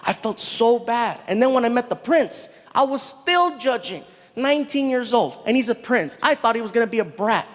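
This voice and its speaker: Animated high-voiced stand-up comedian man. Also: normal speed, few pauses. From United States. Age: 30s. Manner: animated, shouting bits and acting out characters. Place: large theater stage. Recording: live comedy venue with long reverb and faint noise.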